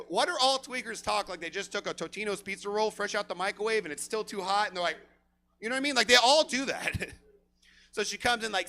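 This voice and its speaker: A man doing a profane, energetic stand-up set on a comedy theater stage and hyping the crowd as emcee. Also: sits high, brisk, gravelly. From Stockton, California.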